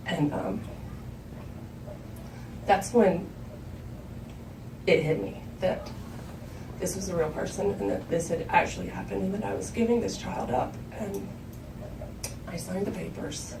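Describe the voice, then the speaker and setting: A woman from South Georgia tells a personal story to a live room in a low, gravelly voice. Her delivery is candid and conversational, and she acts out quoted lines in a higher voice. The sound is roomy and distant, with faint ambience behind her. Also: unhurried, long pauses, noisy background. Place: live storytelling show venue.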